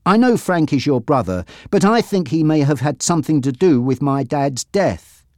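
A man's voice: a little high, very animated, moderate pace, a little mellow, dry recording, studio quality, voice pushed up. A man voicing an earnest young man asking pleading questions about his father's death.

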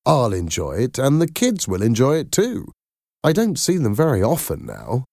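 A man's voice: medium pitch, huge pitch swings, moderate pace, vocal fry, a little mellow, no room sound, studio quality, voice pushed up, full character voice. A man reading a storybook voices a hopeful out-of-work father who talks eagerly and cheerfully.

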